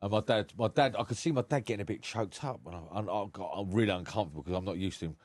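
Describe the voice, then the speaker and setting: A man with a very low, deep voice tells his own story on a podcast. He speaks frankly and with emotion and swears freely. His voice sounds close and dry, with no room echo. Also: fast talker, darkish tone. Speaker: podcast guest. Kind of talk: candid personal storytelling.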